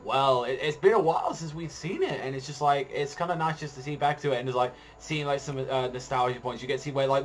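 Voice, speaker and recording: Rambling, swearing man. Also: medium pitch. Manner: rambling, heavy swearing and fillers. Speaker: manga reviewer. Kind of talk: casual spoken review.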